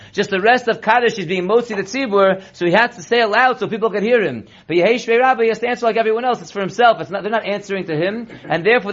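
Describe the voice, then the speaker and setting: A rabbi teaching a text-based Torah class, reading Hebrew and Aramaic slowly, then explaining it quickly in English. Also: male voice, high-pitched, fairly bright tone. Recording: dull lo-fi recording.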